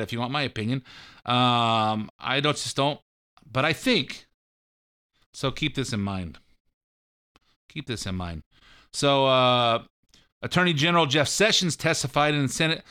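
A man's voice: a little high, pushed and bright, smooth. A man hosting a show of casual political commentary, rambling and folksy with a mocking edge. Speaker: host.

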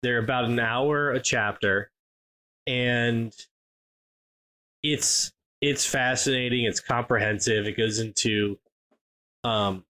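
A man's voice: mid-range voice, steady tone, slow, pauses often, sharp tone. A man co-hosting a podcast in casual chat, rambling with lots of fillers and restarts. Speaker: podcast co-host.

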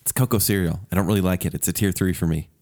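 A man co-hosting a podcast in casual, animated, jokey chat. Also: low voice, racing. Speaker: podcast co-host.

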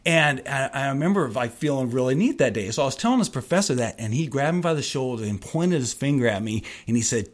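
A man in his fifties, a longtime Sunday school teacher, chatting on a church podcast in a halting, rambling way with many restarts. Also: medium pitch, animated. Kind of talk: casual podcast chat.

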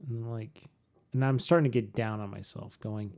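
A middle-aged man, co-host of a podcast, telling a story casually, animated and self-mocking, with frequent swearing. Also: lowish voice, normal speed, creaky, slight background noise.

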